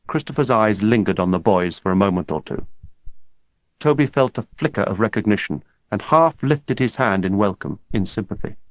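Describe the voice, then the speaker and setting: Guy reading a novel aloud, lowish voice, steady pace, dull dry recording. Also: no echo. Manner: measured, steady storytelling. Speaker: audiobook narrator. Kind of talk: scripted narration.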